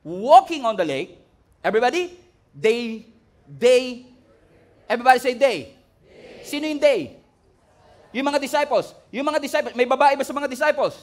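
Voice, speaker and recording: A man's voice: extremely high pitch, expressive, normal speed, long pauses. A man with a Filipino accent preaching a sermon as pastor, playful, joking and having the congregation repeat words after him. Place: church stage before a congregation.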